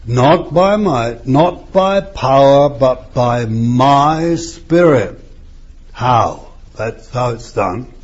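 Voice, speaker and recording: Speaking extremely slowly, an older male preacher from the East End of London gives a sermon in a husky, lively-pitched voice. He stresses points emphatically, asks rhetorical questions, and moves through wide pitch swings, all captured in a muffled, low-fidelity recording.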